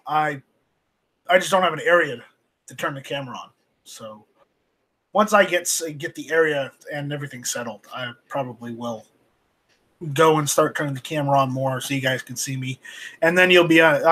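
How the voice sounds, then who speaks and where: A man with a sharp, high-leaning voice runs a casual, off-camera live stream through a home streaming mic, with only his voice heard. He reads viewer chat aloud and rambles haltingly, restarting often.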